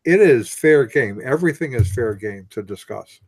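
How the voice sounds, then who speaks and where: A man hosting a casual chat, often halting and repeating words as he starts a thought. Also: mid-range voice, animated, a little mellow, husky. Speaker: host.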